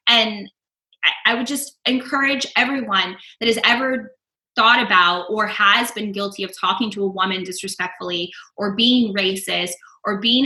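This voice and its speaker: A woman's voice: mid-range voice, pushed and bright. A woman guest talking poker in a casual podcast chat, emphatic and blunt, swearing freely. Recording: roomy echo.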